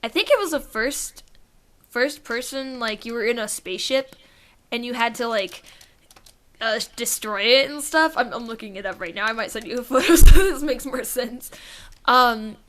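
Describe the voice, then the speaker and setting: A woman chats loosely on a podcast in a bright, slightly high voice. She laughs a lot and swears offhandedly. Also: animated, normal speed. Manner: laughs often, swears casually. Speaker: podcast co-host. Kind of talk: casual chat.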